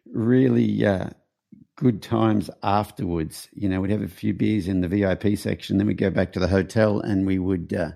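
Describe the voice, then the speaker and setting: A man's voice: on the low side, fairly even intonation, moderate pace, creaky, mellow. A man hosting a podcast, telling stories in a rambling, casual way. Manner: rambling, with many restarts. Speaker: podcast host. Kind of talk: casual storytelling chat.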